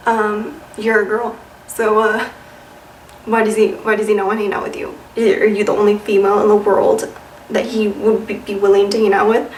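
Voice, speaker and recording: A woman's voice: mid-range voice, little pitch movement, moderate pace, long pauses, darkish tone, far from the mic, a little hiss or hum. A young woman giving casual dating advice to camera, sassy and chatty, with lots of "like" and "you know". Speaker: vlogger. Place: room with a white wall. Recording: echoey room, voice a bit off-mic.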